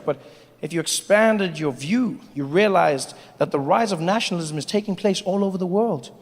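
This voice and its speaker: A man from Africa doing stand-up comedy, animated and mocking as he builds to each punchline. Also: sits high, normal speed, crowd noise, noisy background. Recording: live hall with audience.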